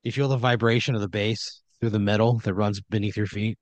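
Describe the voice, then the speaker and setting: A man's voice: fairly low pitch, fairly even intonation, fairly quick, no room sound. A man improvising a comedic horror story in a loose, rambling way full of fillers.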